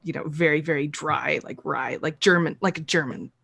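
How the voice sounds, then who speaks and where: Woman player, bright voice, rambling with fillers. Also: deep voice, normal speed, gravelly, slightly rough, no echo. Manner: hesitant, chatty, full of fillers. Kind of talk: tabletop game play.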